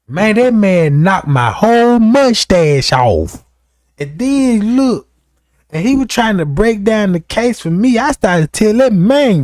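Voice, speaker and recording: A young man with a high and very lively voice tells a raunchy comic story, constantly checking in with the listener. His delivery is loose and profane, with big swings in his pitch. The sound is dry and close. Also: normal speed, no echo. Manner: animated, profane, keeps asking "you know what I'm talking about". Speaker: streamer telling a story. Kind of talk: comedic storytelling.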